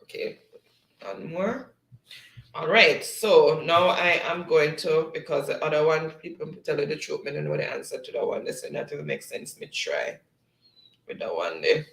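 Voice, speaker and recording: A man's voice: on the high side, expressive, moderate pace, vocal fry, a bit bright, echoey room, low-quality recording. A man with a Jamaican accent hosting a casual live-stream quiz, reading chat messages aloud and laughing often.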